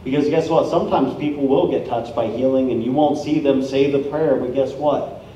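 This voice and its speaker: Male preacher, energetic storyteller, mellow tone, far off in a reverberant church hall. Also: mid-range voice, normal speed, slight background noise. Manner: energetic, storytelling, acts out quoted people. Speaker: guest preacher. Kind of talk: sermon with personal stories. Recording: echoey hall, from far off, dull sound.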